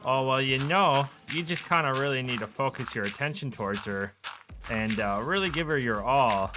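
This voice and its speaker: An easygoing, folksy small-town buddy handing out advice, put on by a man. The voice sits higher than his normal talk. Game music runs behind. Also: lively intonation, normal speed, lightly acted.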